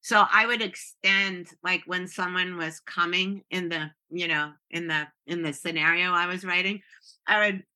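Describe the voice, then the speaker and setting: A woman's voice: lowish voice, fairly even intonation, moderate pace, bright, forceful tone. A woman in her sixties, a guest telling stories in casual chat, often laughing and restarting her sentences.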